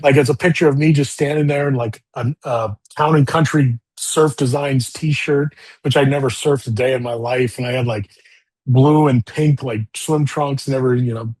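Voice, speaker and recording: A man in an interview telling animated stories about his golf career, with lots of fillers. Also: medium pitch, moderate pace, breathy edge. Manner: animated storytelling with many fillers. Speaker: golfer guest. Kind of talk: storytelling interview talk.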